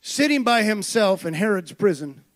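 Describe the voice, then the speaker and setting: A man preaching a sermon with passion, building to shouted high points. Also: big pitch swings, moderate pace. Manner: impassioned preaching that swells to shouts.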